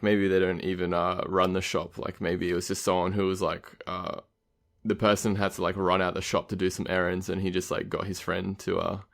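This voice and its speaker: A man with a very deep, gravelly voice riffs through game ideas on a podcast. He rambles loosely, leaning on filler words and laughing at his own jokes. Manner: rambling, heavy use of filler "like", laughs often. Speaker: guest game designer. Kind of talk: casual podcast brainstorm.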